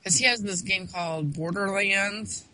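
A woman in casual chat, trading quick remarks and short replies. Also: mid-range voice, bright, forceful tone, a little hiss or hum, low-quality recording. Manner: chatty, short back-channel replies.

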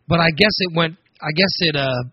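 A male show host tells long, rambling stories and keeps restarting his sentences. His voice is husky and a little high. The sound is dry and dull. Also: brisk, dry recording. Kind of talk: casual live show chat. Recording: dull lo-fi stream audio.

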